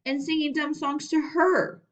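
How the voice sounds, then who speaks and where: Storybook kid: woman voicing a high, chirpy, pushy little boy; lo-fi, far from the mic. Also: fairly even intonation, unhurried. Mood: eager. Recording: dull distant lo-fi recording.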